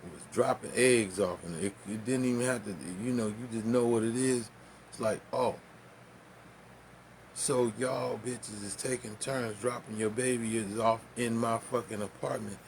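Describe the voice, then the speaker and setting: Gravelly-voiced man telling a profane story. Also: medium pitch, moderate pace, slight background noise. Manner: profane, laughing, animated anecdote with sound effects. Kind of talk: casual storytelling.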